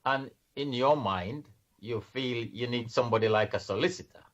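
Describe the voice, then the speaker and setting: At normal speed and in a mid-range voice, a man from financial services chats casually as an interview guest on a podcast. He explains earnestly but keeps restarting sentences, and the lo-fi recording sounds dull.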